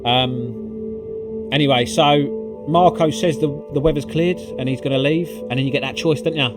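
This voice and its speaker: Sweary, excitable man. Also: medium pitch, moderate pace. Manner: excitable and profane, swearing freely with lots of fillers. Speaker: gaming video creator. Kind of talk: casual gameplay recap commentary. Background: background music.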